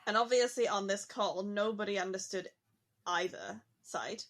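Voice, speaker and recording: Chatty woman in a relaxed podcast talk. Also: medium pitch, moderate pace. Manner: chatty, musing, frequent "like" fillers. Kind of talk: casual podcast conversation.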